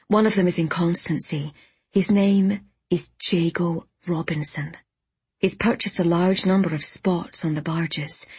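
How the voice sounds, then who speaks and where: A steady, low-voiced woman ally, as a female narrator plays her, earnest and composed. The voice sits fairly low and is breathy, close and dry, with no room around it. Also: no echo. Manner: calm, confiding, low voice.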